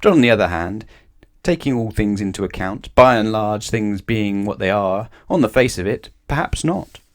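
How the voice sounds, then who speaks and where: A man's voice: lowish voice, lively intonation, moderate pace, lightly acted. A man voicing a wordy, pompous old male wizard who rambles in a fussy, roundabout way.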